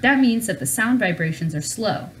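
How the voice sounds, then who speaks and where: A woman reading aloud as a patient father who is an engineer, explaining things calmly. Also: high-pitched, normal speed, recorded from a distance, a little hiss or hum.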